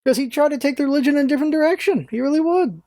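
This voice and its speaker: A woman ranting in a casual vlog, animated and exasperated, laughing often and swearing freely. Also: sits high, racing, no room sound, studio quality. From United States. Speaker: vlogger, show host.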